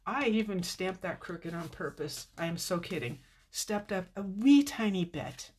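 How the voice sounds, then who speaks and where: A woman's voice: fairly low pitch, husky. Teary older woman chatting on a live stream. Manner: chatty and tearful, reading viewer comments. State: teary, slightly stuffy nose. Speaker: card-making video host. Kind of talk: casual live-stream chat with viewers.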